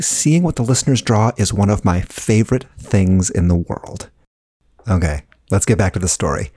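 A man's voice: on the low side, warm tone, breathy edge. A man playing Scotty, a bubbly, chatty male host character who tells puns and talks straight to the listeners in a children's audio drama. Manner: bubbly, chatty, punny, addresses listeners directly. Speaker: show host.

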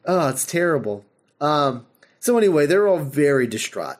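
A man hosting a podcast, retelling an episode in casual chat, animated and full of fillers and laughter. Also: a little high, moderate pace. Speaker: podcast host.

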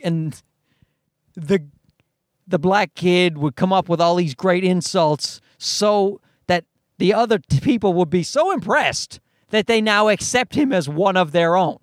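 A man's voice: high-pitched, animated, measured pace, dry recording, clean studio sound. A man ranting as a podcast host, profane, sarcastic and exasperated as he picks something apart. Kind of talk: ranting commentary.

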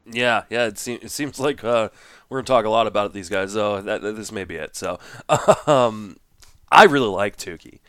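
A young man co-hosting a casual baseball podcast, thinking aloud in a relaxed way with fillers; French was his first language. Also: fairly low pitch, normal speed, no room sound, clean studio sound. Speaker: podcast co-host.

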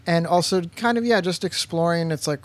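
A man's voice: on the high side, brisk. A man co-hosting a podcast in casual chat, teasing and rambling. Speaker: podcast co-host.

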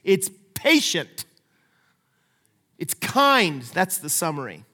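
High-voiced middle-aged male pastor preaching. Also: takes it slowly. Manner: lively and conversational, acting out quoted voices with humor. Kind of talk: sermon. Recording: long reverb of a large hall.

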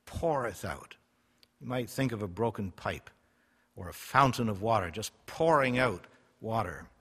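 A man preaching a sermon, reading scripture slowly and solemnly, his loudness rising and falling for emphasis. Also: fairly low pitch, expressive, breathy edge. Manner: emphatic, swells and drops in loudness; reads scripture in slow, solemn cadence. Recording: long hall reverb.

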